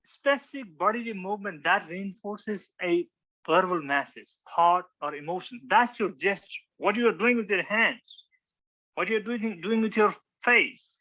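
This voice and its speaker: A man's voice: sits high, a little slow, pushed and bright, highs cut off. A man teaching a public speaking lesson, acting out examples with many restarts. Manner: demonstrative, acts out examples, frequent restarts. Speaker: public speaking club instructor. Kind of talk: informal teaching talk with slides.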